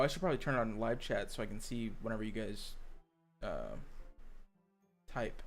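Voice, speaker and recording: A man casually commenting on a game and reading its text aloud, excitable and jokey, swearing often. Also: medium pitch, vocal fry. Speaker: let's-play gamer. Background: faint game music.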